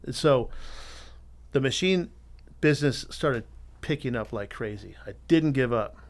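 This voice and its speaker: A middle-aged man, a tattoo artist guesting on a podcast, telling his story in a candid, animated way and swearing freely. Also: medium pitch, measured pace. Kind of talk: casual storytelling interview.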